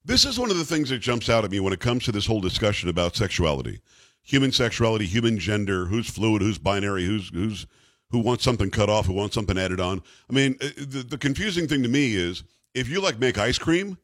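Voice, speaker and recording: A man's voice: on the low side, very animated, quick pace, no echo. A middle-aged or older man hosting a talk radio show, rambling and incredulous in casual chat.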